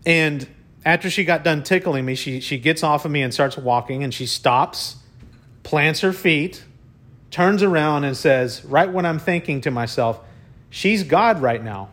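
A man tells a personal story in a casual monologue, his voice a little high and his pace a little slow. He's excitable, stumbles and repeats himself often, and scatters "y'all" and mild cussing throughout.

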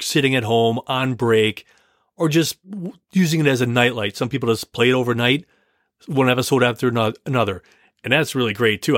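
A man's voice: medium pitch, a bit bright, no echo, clean studio sound. Rambling grateful male podcast host. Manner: rambling, self-correcting, grateful. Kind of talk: casual solo podcast talk.

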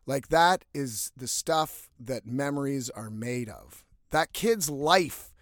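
Animated, profane male storyteller. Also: mid-range voice, takes it slowly, no room sound, clean studio sound. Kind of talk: casual storytelling.

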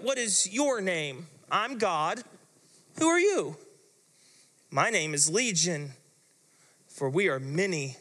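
A man's voice: high voice, pushed and bright, big-room sound. A man preaching a sermon as pastor, telling the story in a dramatic, vivid way.

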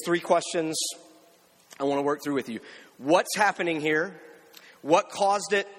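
A man preaching a sermon and reading scripture aloud. He talks conversationally, often asks "right?" and slows down on key words. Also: mid-range voice, fairly bright tone. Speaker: pastor. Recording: long hall reverb.

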